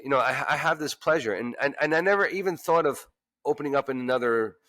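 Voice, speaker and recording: A man, a restaurant chef-owner, telling lively stories in an interview and acting out what people said. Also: medium pitch, quick pace, dry recording. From Queens, New York. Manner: animated storyteller who acts out quoted voices. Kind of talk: casual storytelling interview.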